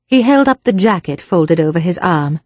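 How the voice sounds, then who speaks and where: A woman narrating a mystery audiobook in an even, measured reading. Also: on the low side, no echo. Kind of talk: scripted narration.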